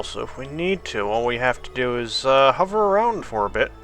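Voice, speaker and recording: A man's voice: mid-range voice, big pitch swings, fairly quick, fairly bright tone, faint music behind. A sleepy man casually commenting on his gameplay, thinking aloud at a drifting pace. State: sleepy, yawning. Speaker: gameplay video host.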